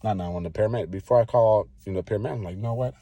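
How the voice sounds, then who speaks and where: Low-voiced man rambling through a story. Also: rapid-fire, husky, no echo, muffled recording. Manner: rambling, acts out his own past lines; relaxed slangy talk. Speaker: vlogger. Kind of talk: casual personal storytelling.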